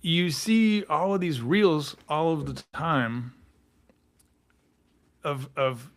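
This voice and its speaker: A man's voice: fairly high pitch, extremely slow. Rambling man on a podcast. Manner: rambling, hesitant, many restarts and fillers. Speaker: podcast co-host. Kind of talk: casual political podcast chat.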